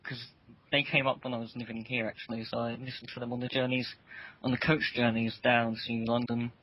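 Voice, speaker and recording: Relaxed man, dull lo-fi audio. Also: mid-range voice, fairly quick. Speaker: guest, fan site staff member. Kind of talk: casual podcast chat.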